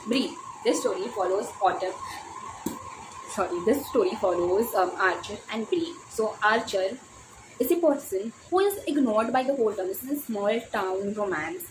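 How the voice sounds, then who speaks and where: A teenage girl from India with an Indian English accent, gushing excitedly about romance novels in a casual book vlog, often restarting her sentences. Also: mid-range voice, normal speed, noisy background. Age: teens. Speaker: book vlogger.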